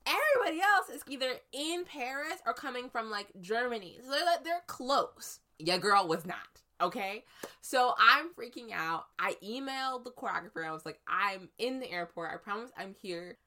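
A woman from the United States telling a story in casual chat, lively and animated, acting out the voices she quotes. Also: on the high side, normal speed.

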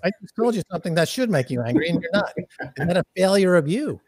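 Brief: male guest, high voice, dry close sound, fiery and profane, loves a good rant. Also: fast, no echo. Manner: animated, profane, ranting delivery. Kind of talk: casual podcast chat.

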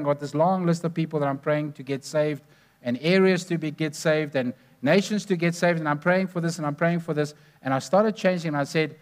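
Male preacher, slightly high voice, earnest storytelling. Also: fairly even intonation, a little fast. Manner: earnest storytelling, stressing numbered points. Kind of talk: sermon.

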